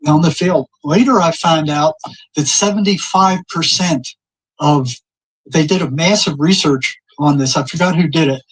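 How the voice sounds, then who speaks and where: Older man, raised pitch, husky; rambling storyteller who acts out dialogue. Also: moderate pace, poor audio. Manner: rambling anecdotes, repeats words, acts out quoted exchanges. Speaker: guest telling stories. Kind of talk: casual storytelling.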